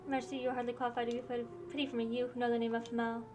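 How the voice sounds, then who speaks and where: A woman reading the lines of a composed masked male swordsman, with formal and measured phrasing. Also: on the high side, little pitch movement, over music, lightly acted. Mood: grave. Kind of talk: reading game dialogue aloud.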